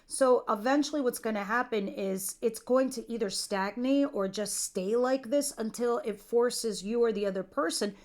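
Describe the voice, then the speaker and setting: A woman's voice: on the high side, normal speed, few pauses. A middle-aged woman giving a casual, chatty tarot reading, talking straight to her viewers with light jokes. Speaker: tarot reader.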